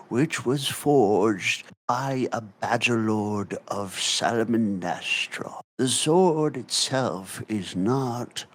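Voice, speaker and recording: A man's voice: on the low side, fairly bright tone. A man narrating a tabletop game as game master over voice chat. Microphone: online voice chat.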